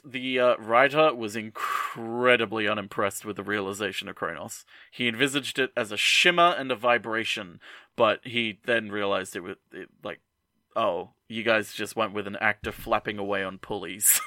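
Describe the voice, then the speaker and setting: A man's voice: on the low side, pushed and bright, dry recording, clean studio sound. A man co-hosting a podcast, casually rambling through trivia with jokes and laughter. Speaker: podcast co-host. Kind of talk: casual chat.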